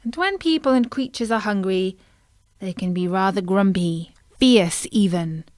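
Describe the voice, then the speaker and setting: Woman storyteller, slow and lively delivery, dry close sound. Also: mid-range voice, dry recording. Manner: gentle and expressive. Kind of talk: children's story narration.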